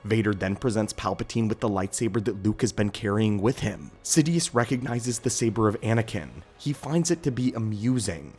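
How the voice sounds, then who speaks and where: Low-voiced man narrating a story. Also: moderate pace, hardly any pauses, darkish tone, slightly rough, soft background music. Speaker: channel host narrator. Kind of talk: scripted narration.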